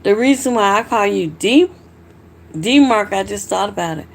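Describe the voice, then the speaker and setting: Hiccuping and a bit drunk, this female livestream host chats casually with her late-night viewers and curses without restraint. Her mid-range voice is creaky and animated, delivered at a normal speed.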